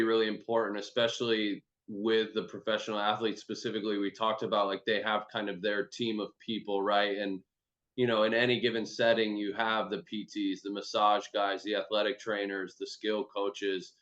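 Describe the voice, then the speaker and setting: A man's voice: on the low side, fairly bright tone. Laid-back man on a muffled video call. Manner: loose, chatty, swears freely, many "like"s. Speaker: host and performance trainer. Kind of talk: casual video-call chat.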